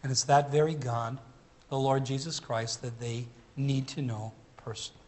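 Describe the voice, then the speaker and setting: A man preaching a sermon in an earnest, emphatic way, slowing down to stress key phrases. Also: mid-range voice, fairly even intonation, darkish tone.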